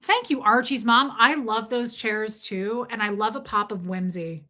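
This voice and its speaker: A woman's voice: on the high side, measured pace, bright, forceful tone. A middle-aged woman hosting a casual livestream, chatting in a rambling way, filling her talk with "like" and greeting commenters by name mid-story. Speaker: livestream host.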